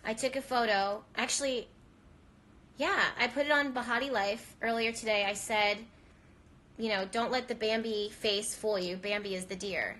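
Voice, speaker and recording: Tearful and earnest, this woman hosts a live stream as a spiritual reader, her voice trembling from crying while she rambles and keeps starting over. She speaks a little high and a bit bright, at a moderate pace with fairly even intonation.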